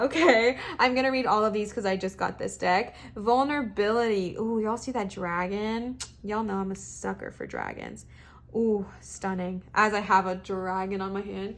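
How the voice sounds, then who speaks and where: A young woman giving a pick-a-card tarot reading, chatty and emotional, reading card texts aloud between gushing asides. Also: medium pitch. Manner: gushing and emotional, says "y'all" and "bestie". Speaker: tarot reader.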